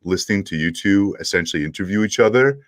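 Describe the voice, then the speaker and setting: A middle-aged man with a French Canadian accent, a guest telling a story in an animated way. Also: low-pitched, quick pace, no echo. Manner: animated storyteller who acts out quoted dialogue. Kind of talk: casual storytelling in an interview.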